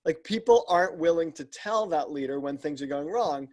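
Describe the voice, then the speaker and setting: A man's voice: a little high, animated, normal speed, a little mellow. A man, a leadership coach and podcast guest, explains his work earnestly and step by step, often restarting sentences. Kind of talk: explanatory interview talk.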